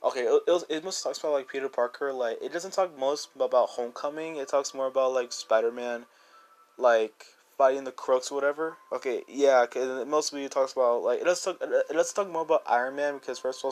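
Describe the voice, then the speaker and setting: A man giving a casual, rambling movie review as a YouTuber, full of "like" and "dude" and eager restarts. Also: medium pitch.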